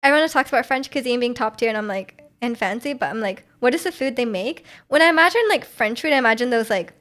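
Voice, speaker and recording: High-voiced giggly woman streamer. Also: expressive, fast talker, a bit bright. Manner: chatty and giggly, with frequent laughs and filler words. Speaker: livestream host. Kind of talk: casual chat reading viewer messages.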